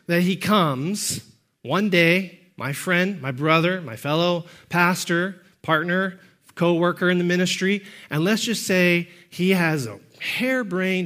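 A male pastor gives a sermon emphatically, climbing to shouts on key points before sliding into quick, low-key storytelling.

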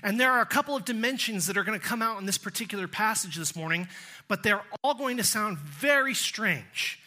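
A middle-aged man with a Texan accent delivers a sermon. His voice is high and very bright. He tells stories with quoted voices and drags out key phrases for weight. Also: animated. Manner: storytelling with quoted voices, slowing for emphasis. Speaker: pastor.

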